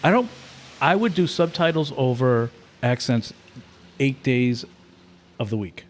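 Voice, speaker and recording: A man of mid pitch hosts a casual chat. He jokes and teases his guest. His pitch swings widely as he talks. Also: lively intonation, a little hiss or hum. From half Irish. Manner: joking, teasing, quick banter. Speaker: podcast host.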